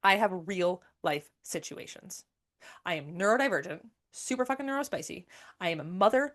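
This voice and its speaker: A woman's voice: mid-range voice, expressive, moderate pace. Woman host, 30s, candid monologue, emphatic and profane, mid-range voice. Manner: emphatic, swears freely, repeats phrases. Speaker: podcast host and coach.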